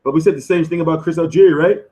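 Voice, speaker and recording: Man, live-stream host, hoarse, loose profane banter, slightly high voice. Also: very fast, mellow. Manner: loose, profane, slangy banter answering chat. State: losing his voice. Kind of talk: casual live-stream chat.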